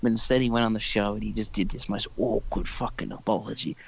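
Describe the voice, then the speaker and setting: A man's voice: fairly low pitch, steady tone, fast talker, gravelly, husky. A young man hosting a casual podcast chat, rambling and profane, often stopping and restarting his thoughts. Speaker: podcast host.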